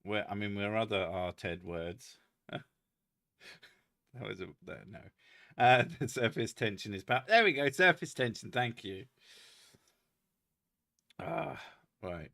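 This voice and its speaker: A man's voice: on the low side, expressive, slow, gravelly, long pauses, bright, forceful tone. A British man hosting a casual chat, reading out viewer comments with lots of laughing, swearing and self-mocking jokes. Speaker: host.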